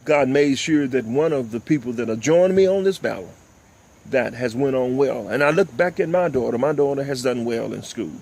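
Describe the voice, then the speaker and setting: An older man, hosting a talk show and delivering impassioned, preachy commentary, often repeating "ladies and gentlemen.". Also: medium pitch, expressive, normal speed, creaky. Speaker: host.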